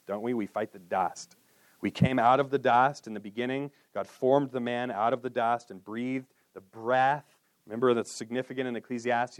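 A man preaching a sermon in an earnest way, dropping to a hushed voice on solemn lines and lifting for emphasis. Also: no room sound. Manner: earnest, with drops to a hushed low voice and lifts for emphasis. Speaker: pastor.

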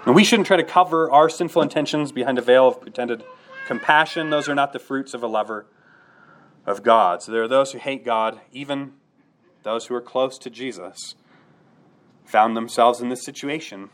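A man's voice: mid-range voice, moderate pace. A man preaching a sermon to his congregation, earnest and direct, often checking in with rhetorical questions. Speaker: pastor.

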